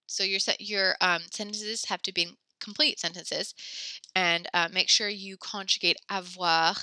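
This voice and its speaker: A pregnant woman teaches a French lesson with a very bright, crisp voice. She is a little breathless, but she stays encouraging and patient. The recording is close and dry. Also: mid-range voice, fairly even intonation, unhurried, no echo. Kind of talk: online class instruction.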